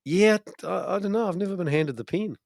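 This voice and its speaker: A man's voice: high-pitched, brisk, gravelly, a little mellow, no echo, studio quality. A man co-hosting a podcast, teasing wryly in casual banter and often trailing off. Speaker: podcast co-host. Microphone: studio microphone.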